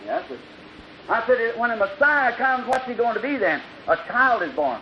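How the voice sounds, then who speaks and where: At a moderate pace, a man delivers an old-time revival sermon in a thin, high voice. He voices every character in his story, swinging between sudden loud outbursts and soft, quiet drops, and a constant hiss runs through the dull, lo-fi recording.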